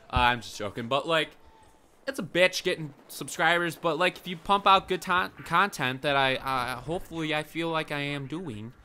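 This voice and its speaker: Bright-voiced, crude joking young guy. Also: a little high, clean tone. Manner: crude, joking, self-mocking. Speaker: YouTuber. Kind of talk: rambling casual vlog chat.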